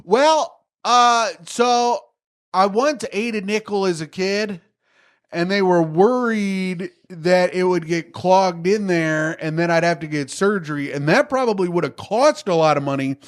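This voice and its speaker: A man in his thirties co-hosts a podcast, reading news out loud and breaking off into crude, joking riffs. His voice sits a little high for a man. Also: a little slow, clear, resonant tone. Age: 30s. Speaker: podcast co-host. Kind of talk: casual comedic chat, reading news aloud.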